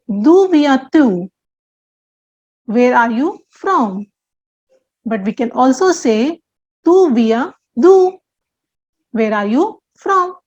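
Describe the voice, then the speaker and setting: A woman with a high voice teaches a language lesson at an unhurried pace, carefully repeating each example so learners can follow. The recording sounds a little dull and lo-fi. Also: a little mellow. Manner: slow, deliberate, repeats example sentences. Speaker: French teacher. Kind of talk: explaining grammar to learners.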